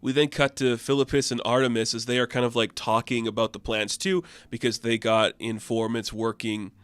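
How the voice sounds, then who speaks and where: A man's voice: mid-range voice, level tone, moderate pace, a bit bright, clear, resonant tone, no room sound. An enthusiastic man rambles through a casual comic book recap in a mid-range voice, leaning on fillers as he goes. The sound is dry and close, with faint music underneath.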